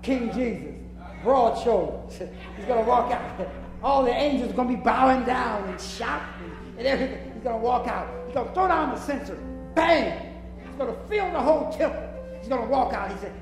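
A woman's voice: fairly high pitch, expressive, normal speed, creaky. A woman preacher delivering a fervent sermon to a congregation. She repeats phrases for emphasis, chuckles often and acts out scenes as she goes. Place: church hall with congregation. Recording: echoey hall, music behind.

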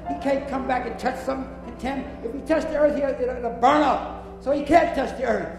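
A woman's voice: high-pitched, a little fast, vocal fry. Fervent woman preaching in an echoing hall. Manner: emphatic, repeats phrases, chuckles often, acts out scenes. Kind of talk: fervent sermon. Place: church hall with congregation. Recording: echoey hall, music behind.

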